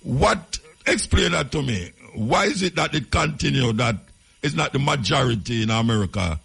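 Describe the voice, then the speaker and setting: Jamaican male radio host, deep gravel and heavy rasp, chatty and loose. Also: animated, normal speed, a bit bright. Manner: chatty, laughing asides, patois phrasing. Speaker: radio talk show host. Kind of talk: casual radio chat.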